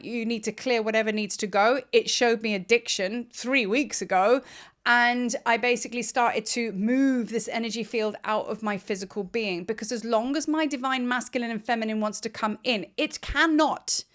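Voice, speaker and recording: A woman's voice: fairly high pitch, fairly bright tone. A woman, a spiritual teacher talking in a chatty, rambling way and laughing often. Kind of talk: casual spiritual vlog monologue.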